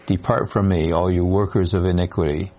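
A man in a Bible study class reading a passage aloud in a measured way and answering questions. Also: low-pitched, fairly even intonation, dark tone.

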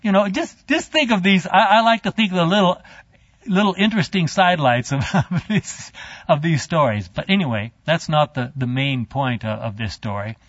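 Brief: male Bible teacher, chatty storytelling, slightly high voice, dry muffled sound. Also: no room sound. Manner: animated, halting, chatty. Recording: dull lo-fi dry.

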